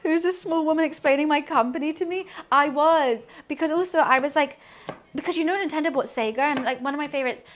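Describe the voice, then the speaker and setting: A young woman with a British accent chats through a cooking livestream. Her voice sits high, and she tells long, excitable stories that keep trailing off into laughter. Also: fast talker. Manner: rambling, excitable storytelling with frequent laughter. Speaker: streamer. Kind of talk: casual chat while cooking on a livestream.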